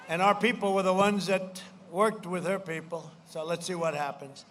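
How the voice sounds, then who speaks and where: High-voiced man shouting through a rally speech. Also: steady tone, normal speed, few pauses, a crowd in the background, noisy background. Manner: rambling, repetitive, swings into shouted punchlines; mocking mimicry of opponents. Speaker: politician addressing a rally. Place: large political rally.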